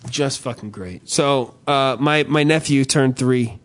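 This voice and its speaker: Young adult male podcast co-host; swears constantly, rants and tells animated stories in an average-pitched voice. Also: unhurried. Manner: profane, ranting, animated storytelling. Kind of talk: casual comedic chat.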